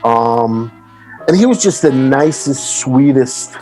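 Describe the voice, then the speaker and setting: A man's voice: mid-range voice, slow pace, faint music behind. A middle-aged man, a podcast guest, telling stories in casual chat and animatedly acting out the people he quotes. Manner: animated, acts out quoted voices. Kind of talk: casual storytelling.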